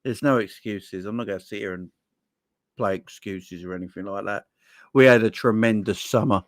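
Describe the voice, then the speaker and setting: A man's voice: fairly low pitch, normal speed, no echo, clean studio sound. Exasperated young man ranting. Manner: swearing, exasperated, loud swings in volume. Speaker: football fan channel host. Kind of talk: casual live-stream rant.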